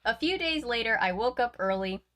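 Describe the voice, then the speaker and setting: A woman reading a book aloud, her tone bright and forward. She drops chatty, laughing asides between the passages. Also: fairly high pitch, animated, brisk. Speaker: reader of a book.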